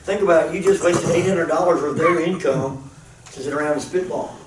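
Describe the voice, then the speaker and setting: A man's voice: a little high, brisk. A man, a pastor, leading a group planning discussion in an earnest, casual teaching manner, repeating himself as he thinks. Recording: roomy, distant mic, faint noise.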